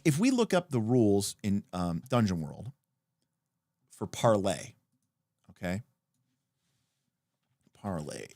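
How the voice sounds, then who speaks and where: A man hosting a livestream, explaining tabletop game rules in an animated, emphatic casual way with some profanity. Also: mid-range voice, no room sound, clean studio sound. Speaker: podcast host. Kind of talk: livestream talk about tabletop games.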